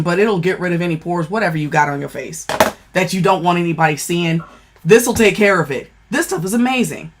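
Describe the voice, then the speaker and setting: A woman's voice: fairly low pitch, normal speed. A woman giving a casual makeup product review, blunt and profane, who keeps checking in with "okay?". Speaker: beauty vlogger.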